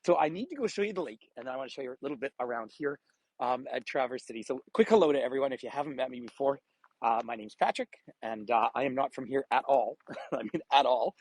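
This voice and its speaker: A man's voice: mid-range voice, quick pace, husky, no room sound, rough recording. A man guiding a live walking tour vlog outdoors by a frozen bay, chatty, laughing often and greeting viewers by name, filmed on a phone on a gimbal. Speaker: travel tour guide. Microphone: phone camera on a gimbal.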